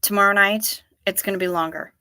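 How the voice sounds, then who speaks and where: A woman's voice: mid-range voice, steady tone, fairly quick, bright, forceful tone. A woman hosting a livestream from home, chatting casually with viewers in a rambling way and trailing off often, a little sleepy and yawning. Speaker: livestream host. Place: at home, in her chair.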